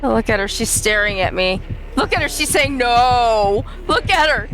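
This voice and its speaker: A woman streaming a game live and commenting as she plays, excitable and laughing often as she talks to her chat. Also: fairly high pitch, moderate pace. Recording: game music playing clearly behind.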